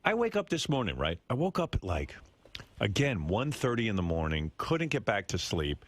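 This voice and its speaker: A man's voice: lowish voice, huge pitch swings, moderate pace, dry recording. Restless man rambling on radio. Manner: rambling, restless, profane storytelling. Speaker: radio show host. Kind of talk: casual radio chat. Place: radio studio.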